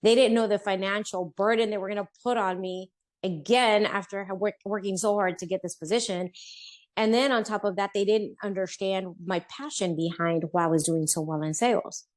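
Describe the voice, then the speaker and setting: A woman's voice: medium pitch, fairly even intonation, fairly quick. A middle-aged woman on a podcast as a guest, telling her own story in an earnest, heartfelt way and acting out what people said to her. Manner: earnest, heartfelt, acts out quoted speech. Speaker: podcast guest, business owner. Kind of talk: personal storytelling interview.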